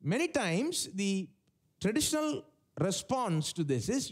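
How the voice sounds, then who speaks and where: A man's voice: sits high, sing-song, measured pace, darkish tone. A man preaching a sermon to a live church congregation, emphatic, putting rhetorical questions to the listeners and acting out quoted voices. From India. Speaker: pastor. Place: large church service.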